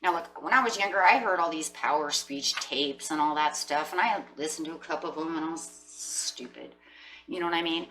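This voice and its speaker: A woman's voice: deep voice, fairly quick, sharp tone, distant mic, slight background noise, low-quality recording. A woman giving an earnest, encouraging tarot reading, talking straight to her viewers. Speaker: tarot reader. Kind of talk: casual motivational tarot reading.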